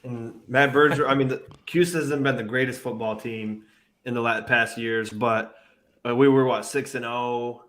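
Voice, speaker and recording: A man's voice: medium pitch, fairly even intonation, normal speed, a bit bright. A man on a sports podcast panel, talking in a casual, rambling way and often repeating himself.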